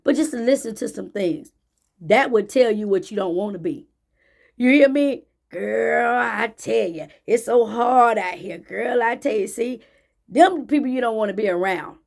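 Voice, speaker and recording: A woman's voice: a little high, unhurried, vocal fry, darkish tone. A woman giving a faith-based motivational talk to camera, emphatic and preachy, repeating phrases for emphasis. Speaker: motivational speaker.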